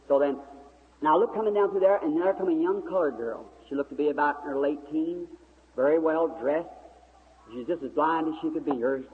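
A man preaching a sermon, telling a story in a folksy, vivid way and acting out the dialogue. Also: on the high side. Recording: tinny old recording in a reverberant hall, faint hiss.

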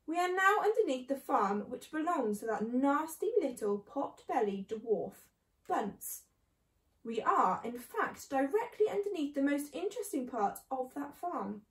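A woman's voice: high-pitched, big pitch swings, a little slow. A woman voicing a sly, boastful father fox who grins and gives orders, in a storybook reading. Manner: grinning, showy and commanding. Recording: echoey room.

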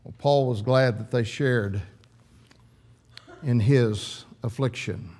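A man's voice: mid-range voice, takes it slowly, darkish tone. A man preaching an earnest, emphatic sermon in church, often restarting his phrases.

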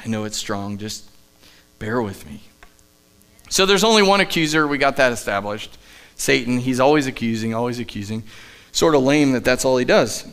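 Emphatic male pastor preaching, smooth voice. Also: mid-range voice, animated, moderate pace. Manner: emphatic preaching, often dropping to soft asides. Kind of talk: sermon. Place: church sanctuary, live service.

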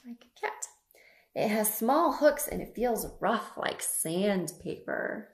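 Animated sing-song woman reading to toddlers. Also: a little high, takes it slowly, reverberant. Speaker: children's librarian. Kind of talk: toddler story time.

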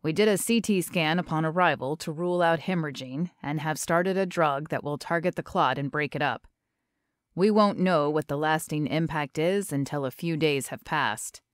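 A woman's voice: low voice, normal speed, no echo, studio quality, voice pushed down, natural voice. A woman voicing a kind but matter-of-fact male hospital doctor in an audiobook. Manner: kind but clinical, explaining plainly.

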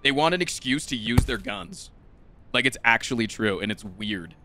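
A young man streaming a game live, talking to his chat in an excitable, profane, rambling way. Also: medium pitch, normal speed, vocal fry. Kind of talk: casual live-stream commentary.

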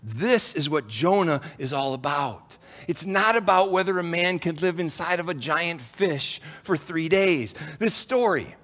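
A man giving a lively Bible lesson as a Sunday school teacher, moving between hushed scripture reading and excited, shouted exclamations. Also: sits high. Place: church hall. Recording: long hall reverb.

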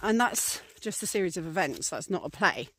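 A woman's voice: on the low side, sing-song, moderate pace, fairly bright tone, a little hiss or hum. Chatty woman rambling to camera. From England. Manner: chatty and rambling, many fillers, voices little acted scenes. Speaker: priestess and vlogger. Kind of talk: casual talk to camera.

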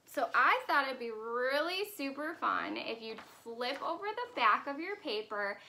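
Woman, teacher, video lesson for young children, bright tone, slow and easygoing, cheerful sing-song manner. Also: high-pitched, big pitch swings. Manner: cheerful, sing-song, leads actions and songs. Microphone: camera in front of her.

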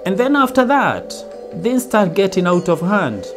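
A man's voice: high-pitched, sing-song, a little slow, over music. A man giving a motivational talk, telling it as a story and briefly acting out everyday lines. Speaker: self-help speaker. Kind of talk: motivational monologue.

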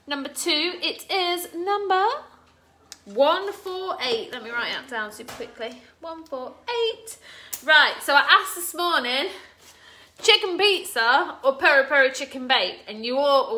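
A middle-aged woman hosts a casual cooking livestream from her home kitchen, chatting, greeting viewers by name and joking at her own expense. Her high voice is pushed and bright at a moderate pace, and children's game noise plays faintly in the background.

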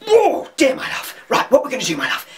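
A man's voice: very high-pitched, wildly swooping pitch, quick pace, fairly bright tone, distant mic, heavily acted. A man doing a fussy older cleaning lady. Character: bossy older female cleaning expert, fussy.

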